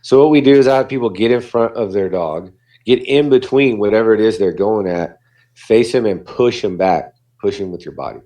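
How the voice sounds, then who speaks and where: A man's voice: fairly low pitch, a little fast, warm tone. A man, a dog behaviorist, talking casually on a podcast and acting out what dogs and people say.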